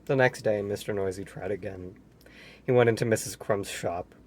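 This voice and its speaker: A man's voice: on the low side, normal speed, darkish tone, slight background noise. Give me a man reading a children's book aloud with sarcastic asides. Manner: sarcastic asides, incredulous questions. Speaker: reader.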